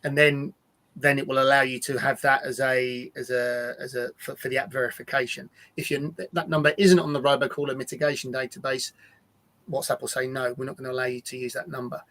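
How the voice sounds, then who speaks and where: A man presenting a live-streamed software demo, talking casually and repeating words as he restarts sentences. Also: medium pitch, level tone, a little fast.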